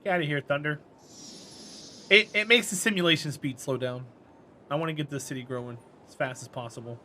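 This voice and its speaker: A man's voice: a little high, fairly quick, sharp tone, slight background noise. A man chatting casually on a live stream while playing a game, rambling and answering chat.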